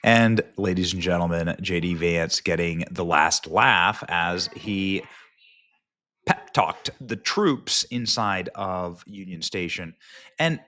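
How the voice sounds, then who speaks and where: A man's voice: sits low, slow, bright, forceful tone. A man hosting political commentary over clips, mocking and emphatic.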